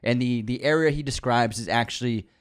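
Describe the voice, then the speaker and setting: A man in casual conversation on a movie podcast, growing animated as he makes his points and laughing often. His voice sits at an ordinary middle pitch. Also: fairly quick, clean tone. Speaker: podcast co-host.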